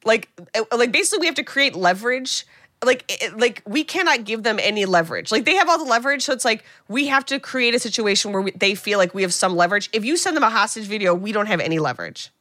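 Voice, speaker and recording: A woman's voice: on the high side, lively intonation, quick pace, bright, forceful tone, no echo. A young woman co-hosting a podcast, animatedly recapping a movie in casual, profane chat and acting out the lines. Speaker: podcast co-host.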